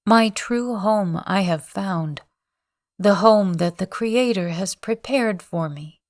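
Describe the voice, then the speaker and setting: A woman's voice: mid-range voice, slow, darkish tone, dry recording, clean studio sound, close to an everyday voice. A woman reading the part of a grief-maddened old man, bitter and raving, in a storybook reading. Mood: bitter scorn. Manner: anguished, bitter, raving cries.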